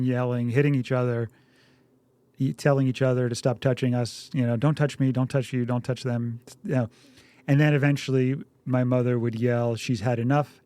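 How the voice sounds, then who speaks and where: A man co-hosting a parenting podcast, telling lively family stories and acting out shouted quotes. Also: medium pitch, smooth, dry recording. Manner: lively storyteller, acts out yelling quotes. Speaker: podcast co-host. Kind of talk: casual conversational podcast.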